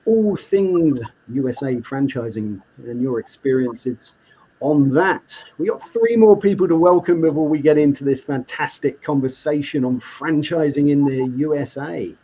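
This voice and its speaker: A man's voice: a little high, unhurried, dark tone, breathy edge. A man hosting a live online show, welcoming guests and reading viewer comments with frequent laughter. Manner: reads viewer comments aloud, laughs often. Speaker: host. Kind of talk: upbeat live show chat. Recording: muffled lo-fi online stream audio.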